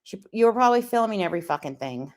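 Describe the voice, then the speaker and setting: A woman's voice: medium pitch, animated, fast, darkish tone, slight background noise. A woman co-host making teasing, sarcastic remarks in casual chat.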